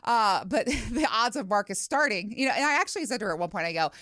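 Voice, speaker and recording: A woman's voice: mid-range voice, expressive, fast, bright, forceful tone, no room sound, studio quality. A middle-aged woman hosting a podcast, telling a story in casual, chatty talk with swearing and quoted asides. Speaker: podcast host. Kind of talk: casual solo podcast chat. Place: home studio.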